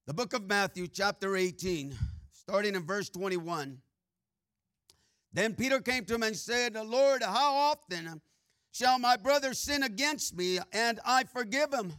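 A man's voice: sits high, measured pace, a bit bright, no echo, studio quality. A man preaching a sermon, reading scripture with sing-song swells and dropping "uh" and "amen" between phrases. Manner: frequent filler "uh" and "amen" asides.

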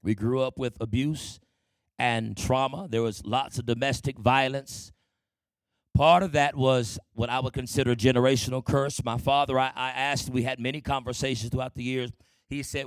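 Gravelly man giving a church testimony. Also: mid-range voice, fairly even intonation, moderate pace, no echo. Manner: conversational storytelling with frequent calls for amen. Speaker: speaker sharing his testimony.

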